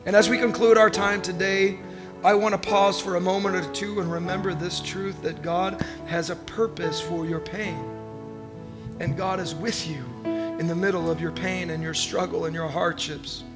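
Man, pastor, sermon, animated storyteller, high voice, church. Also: moderate pace, over loud music. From Oklahoma.

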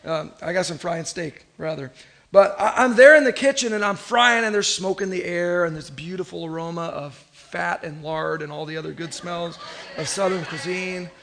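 A pastor from Oklahoma, telling a personal story in an animated, emotional sermon in church. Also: male voice, high voice, moderate pace, vocal fry.

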